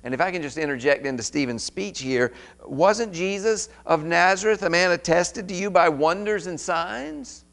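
A man's voice: high-pitched, moderate pace, creaky, fairly bright tone. A man preaching an expository sermon, reading scripture aloud and then commenting with rising emphasis.

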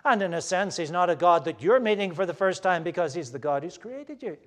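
A man preaching a sermon to a gathered audience, earnest and emphatic, moving between loud stresses and hushed asides. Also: high voice, animated, fairly quick.

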